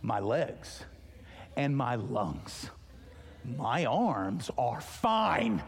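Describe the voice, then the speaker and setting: A pastor delivering a sermon, telling a story with lively acted-out dialogue. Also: male voice, mid-range voice, extremely slow. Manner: animated storytelling, acting out dialogue. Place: church auditorium. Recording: long reverb of a large hall.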